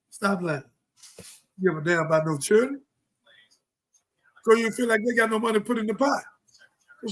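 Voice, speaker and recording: On a live talk show, a middle-aged host gives an impassioned, preachy monologue packed with scripture and rhetorical questions. He swings between loud outbursts and low mutters, and the audio quality is poor.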